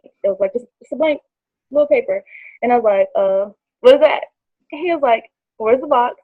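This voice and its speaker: A woman in her twenties telling a personal story, acting out quoted dialogue in lively voices. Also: a little high, fast, slightly rough, dry recording. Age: 20s. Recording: dry tinny phone-like line.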